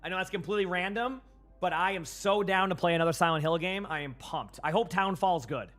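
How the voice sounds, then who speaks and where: A man's voice: high voice, brisk, a bit bright, faint music behind. A young man with a Boston accent giving casual, rambling live-stream commentary while playing and chatting with viewers on a headset mic.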